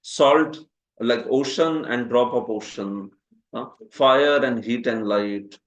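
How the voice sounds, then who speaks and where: Indian man teaching with lively asides. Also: medium pitch, slow. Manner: lively, asks "huh?" often, laughs at his own jokes. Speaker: scripture teacher. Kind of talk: classroom lecture with questions.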